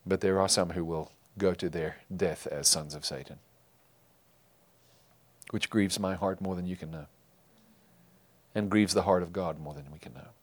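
A man preaching a sermon to his congregation, emphatic, rising loud and falling quiet. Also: low voice, normal speed, pauses often. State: tearful while reading scripture. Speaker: pastor.

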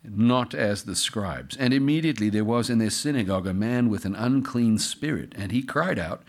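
Reading scripture to his congregation, a pastor often stops to add comments and jokes. His male voice is on the low side with lively intonation, moving at a normal speed with few pauses.

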